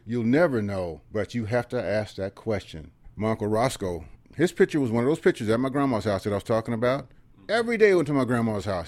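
A man in his seventies, a veteran telling personal stories in a rambling, conversational way, often trailing off softly. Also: medium pitch, no room sound. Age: 70s. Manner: conversational, rambling, tags phrases with "okay?" and drops softly at the ends. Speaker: veteran guest. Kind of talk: personal storytelling in an interview.

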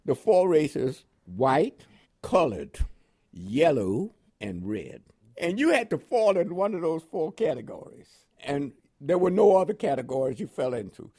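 An older man from Panama speaks with a New York accent carrying West Indian inflections. His pitch sits a little high and swings widely as he tells his story. He acts out other people's lines and laughs now and then. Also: a little slow, husky. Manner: animated storyteller with laughs and quoted dialogue. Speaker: interviewee, veteran. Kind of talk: oral history storytelling.

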